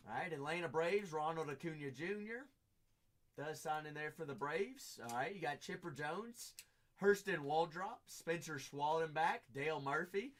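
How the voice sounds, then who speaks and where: A man's voice: a little high, expressive, normal speed. An American man hosting a live card-break stream, hyping the remaining slots and chatting casually with viewers. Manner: upbeat hype, repeating phrases, chatting with viewers. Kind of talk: live-stream sales patter.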